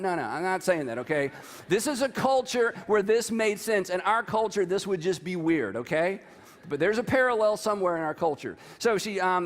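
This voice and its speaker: A male pastor delivers a sermon in a high, animated voice, leaning hard on the words as he reads scripture. His voice rings out with a long reverb, as in a large hall.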